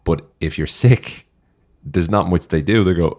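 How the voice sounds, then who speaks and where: Podcast guest: Irish man, very low voice, blunt and profane, direct. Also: normal speed, a little mellow. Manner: blunt, swears freely, direct advice. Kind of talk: casual interview talk.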